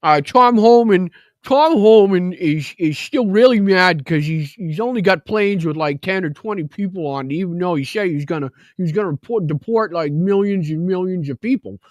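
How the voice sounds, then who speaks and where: A man doing an impression of a sulky, gruff middle-aged official, mumbling as if he is holding his lower lip down. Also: animated, normal speed, dry recording.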